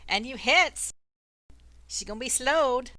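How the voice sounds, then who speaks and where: Bright-voiced woman running a tabletop game. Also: high-pitched, lively intonation, takes it slowly, dry recording. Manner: chatty, playful narration. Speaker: dungeon master.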